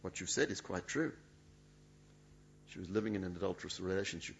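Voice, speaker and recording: A man's voice: sits low, a little fast, creaky, slight background noise. A male preacher, preaching a sermon in an emphatic, dramatic way. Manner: emphatic, dramatic, acts out quoted speech. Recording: dull lo-fi sound.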